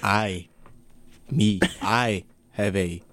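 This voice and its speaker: A man's voice: fairly low pitch, drawn-out words, a bit bright. A young man from Maryland co-hosting a casual podcast chat, teasing and arguing his point. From Prince George's County, Maryland. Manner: teasing, argumentative. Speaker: podcast co-host.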